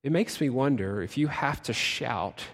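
A male pastor preaching a sermon, slow and dramatic, dropping to a hush and then shouting out. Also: mid-range voice, expressive. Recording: long reverb of a large hall.

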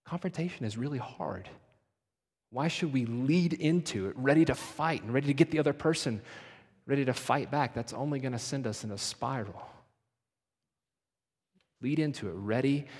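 A man preaching a sermon as pastor, pressing points hard, then dropping to hushed, slowed phrases. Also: mid-range voice, husky. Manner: emphatic, swinging from loud urging to hushed, slowed phrases. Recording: long hall reverb.

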